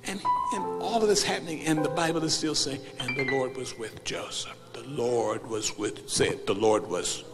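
A man preaching a sermon as a bishop, acting out the people in his story and swinging from hushed asides to loud cries. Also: mid-range voice, moderate pace, hardly any pauses. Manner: acts out biblical characters, swings from hushed to shouting. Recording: live hall with loud music behind.

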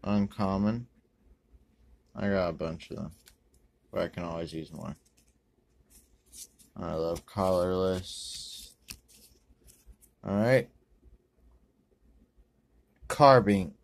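Slow, low-voiced man opening card packs. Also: gravelly. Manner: rambling, self-correcting, with many ums and uhs; bursts of excitement over good pulls. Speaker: card-opening video host. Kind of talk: casual pack-opening commentary.

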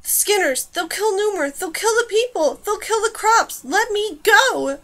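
A tough young huntress with a crossbow, who speaks in clipped, urgent phrases, as a woman reads her in a storybook. Her voice is high and light. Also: a little slow. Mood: panicked. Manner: terse, urgent.

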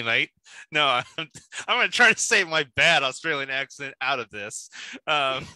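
A man's voice: fairly low pitch, bright, forceful tone, dry recording, poor audio. A man hosting a music show, chatting in an upbeat, jokey way and introducing his guest. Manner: upbeat and jokey, quick to laugh. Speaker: radio show host. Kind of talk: casual interview chat.

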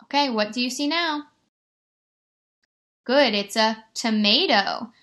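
A woman teacher giving a remote lesson to young children, stretching words out slowly and encouraging them. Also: high-pitched, a bit bright. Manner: slow, exaggerated word-stretching, encouraging.

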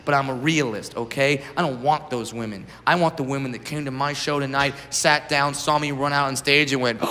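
A man doing a live stand-up set, brash and raunchy, shouting his punchlines to the audience. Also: medium pitch, fairly even intonation, brisk, hardly any pauses. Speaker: stand-up comedian. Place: stage in a large venue before a live audience. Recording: reverberant live venue with loud crowd noise.

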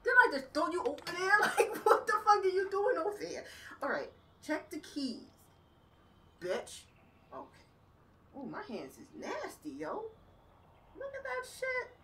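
Shrieking woman gamer, cursing, laughing and crying, bright and high, off-mic. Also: big pitch swings, a little slow, pauses often, far from the mic, slight background noise. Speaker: gaming streamer. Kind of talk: screaming, laughing game reaction.

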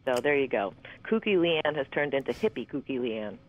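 A woman's voice: extremely low pitch, sing-song, a little fast. A woman in her fifties talks as an interview guest in loose, candid chat. She rambles from thought to thought and swears freely. Her voice comes through a thin, tinny phone line.

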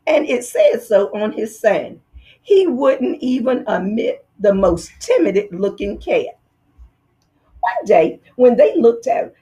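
Slow, lively woman reading a storybook. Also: mid-range voice. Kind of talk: children's book read-aloud.

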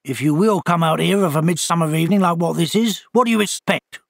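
A man voicing a grumpy, rough-spoken male owl who talks in a surly, common manner in a storybook reading. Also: fairly high pitch, fast, no room sound, studio quality. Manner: surly, common speech, ungracious.

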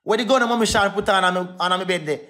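A man's voice: high-pitched, quick pace, pushed and bright. A young Jamaican man in a heated livestream rant, defiant and repetitive, calling out to his viewers.

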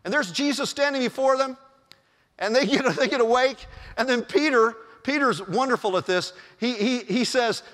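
A male pastor preaching a sermon in a church, telling the story in an animated way and chuckling often. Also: extremely high pitch, moderate pace. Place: church sanctuary. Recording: long church reverb.

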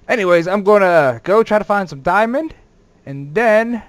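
High-voiced excitable man playing a game. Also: moderate pace. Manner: excitable, swears, cries out at sudden scares; playfully boastful. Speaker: gaming channel host. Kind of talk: let's play commentary.

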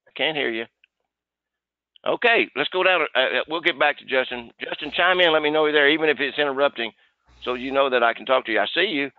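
Folksy sales coach on a tinny line. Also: male voice, medium pitch, fast, dry recording. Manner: folksy, repeats "okay" often. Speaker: sales trainer. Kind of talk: coaching trainees on a video call. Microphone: video call. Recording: dry, tinny phone-like line.

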